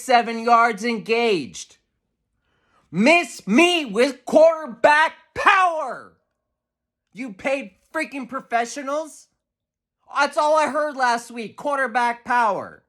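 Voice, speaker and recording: Man, sports radio host, heated football rant, profane, exasperated, slow delivery. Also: high-pitched, fairly bright tone.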